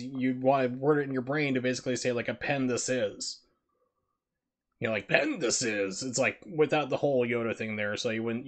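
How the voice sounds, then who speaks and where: Joking, rambling male streamer. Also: medium pitch. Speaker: game streamer. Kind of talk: casual live-stream chat.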